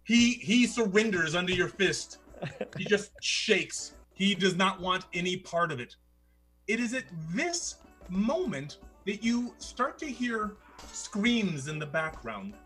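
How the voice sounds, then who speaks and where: A man narrating a tabletop game as game master, telling the action in a lively, theatrical way. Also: high-pitched.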